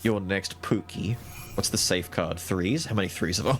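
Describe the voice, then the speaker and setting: A man streaming a card game live, narrating his strategy, swearing and trash-talking the other players, with bursts of loud excitement. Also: low voice, normal speed, soft background music. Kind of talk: live gaming commentary.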